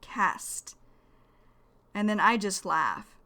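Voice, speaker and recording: A woman's voice: mid-range voice, expressive, very slow, gravelly, sharp tone. A young woman teaching English vocabulary, repeating each phrase and defining it in plain words. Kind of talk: slow vocabulary lesson.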